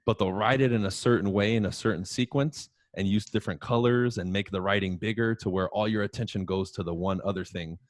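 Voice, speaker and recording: A man's voice: lowish voice, fairly even intonation, brisk, few pauses, dry recording, clean studio sound. A man who works as a coach, a guest on a podcast, talking in an emphatic, profane, ranting way in casual chat.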